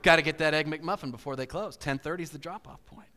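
A fairly high-voiced man preaching in a large hall, his words trailing off into a long reverb. He tells everyday stories with lively swings, slipping into the voices of the people he describes. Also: fast talker. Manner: animated, acts out inner voices with big swings. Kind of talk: sermon with storytelling.

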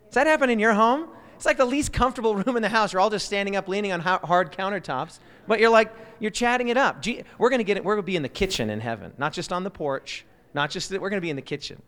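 A man teaching a Bible lesson to a live church group in a lively way, often quizzing his listeners. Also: high-pitched, fast talker, hardly any pauses, long reverb tail.

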